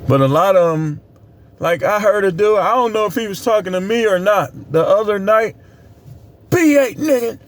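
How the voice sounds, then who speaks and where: A man's voice: sits high, normal speed. A middle-aged man in a blunt, preachy casual monologue, speaking emphatically as a vlogger.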